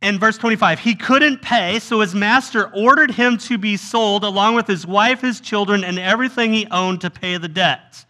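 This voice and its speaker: A man's voice: high-pitched, normal speed, few pauses, pushed and bright. A man preaching a sermon as a pastor, telling a story with feeling and acting out voices of people pleading.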